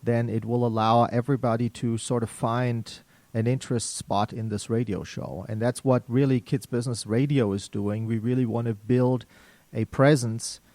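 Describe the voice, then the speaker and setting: A man's voice: mid-range voice, moderate pace, no echo. German-accented man hosting radio, dry sound. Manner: relaxed, many fillers and restarts. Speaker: radio show host. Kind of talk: casual radio talk. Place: radio studio.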